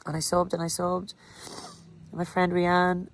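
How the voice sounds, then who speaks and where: Low-voiced Irish woman, candid and emotional. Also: monotone, measured pace, slight background noise. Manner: emotional, candid, breaks into laughter. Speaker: vlogger recounting a cycling challenge. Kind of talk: candid personal vlog.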